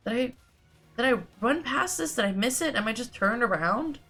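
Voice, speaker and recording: A woman streaming a video game, giving wry, sarcastic commentary with casual swearing and a low-energy delivery. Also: animated, moderate pace, a bit bright, faint music behind.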